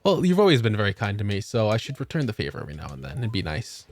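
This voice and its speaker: Young male streamer, worn out from work, low voice that swings widely, laid-back and profane. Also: huge pitch swings, racing. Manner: laid-back, swearing, joking. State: tired after a long work shift. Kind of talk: casual chat while gaming.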